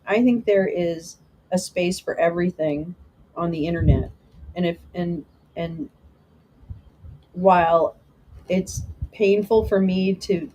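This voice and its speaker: A woman's voice: on the low side, warm tone, a little hiss or hum, poor audio. A woman hosting a live stream, chatting casually with viewers and answering their comments in a meandering way with frequent restarts.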